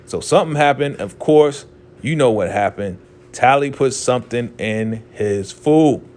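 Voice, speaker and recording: A man hosting a casual show recap, telling the story in an animated way and acting out quotes. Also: mid-range voice, a little slow.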